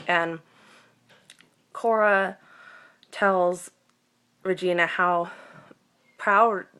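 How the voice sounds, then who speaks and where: A woman's voice: on the low side, fairly bright tone. A woman giving a casual vlog recap of a TV episode, emotional and gushing, with many fillers and restarts. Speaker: TV recap vlogger.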